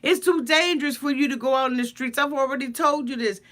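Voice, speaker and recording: Lady doing a defensive boyfriend voice, fast, indignant, high and bright. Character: defensive young boyfriend, insistent.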